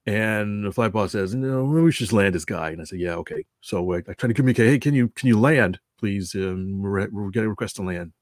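A man's voice: lowish voice, brisk, few pauses, dry recording, studio quality. A man telling a casual story about announcing at a model airplane show. He rambles, corrects himself often and chuckles as he goes.

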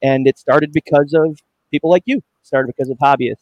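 A man guesting on a podcast as a company representative, relaxed and modest, with some hesitant fillers. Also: on the high side, a little fast, dry recording. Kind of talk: casual interview chat.

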